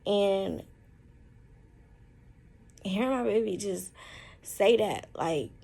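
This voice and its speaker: Young woman vlogging from a hospital bed, real slow, lots of vocal fry, kinda halting. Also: medium pitch, dark tone, poor audio. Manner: slow, halting, heartfelt talk with many fillers. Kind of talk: candid personal vlog. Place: hospital room.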